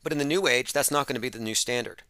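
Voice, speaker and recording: A man's voice: mid-range voice, racing, bright, forceful tone, clean tone, no room sound. A man hosting an open-phones radio show, talking in an emphatic, sarcastic monologue.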